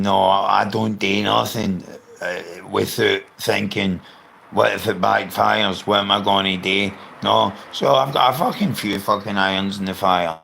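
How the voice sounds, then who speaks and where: Gravelly man, rambling and swearing. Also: lowish voice, slight background noise. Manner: rambling, swears a lot, greets viewers loudly. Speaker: livestreamer. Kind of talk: casual unscripted live chat.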